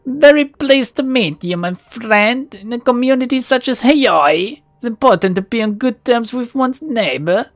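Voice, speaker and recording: A woman's voice: fairly low pitch, expressive, drawn-out words, clear, resonant tone, no echo, heavily acted. A woman voicing a polite, cultured male rigger in a video game, putting on a mock Russian accent while reading his dialogue aloud. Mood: courteous.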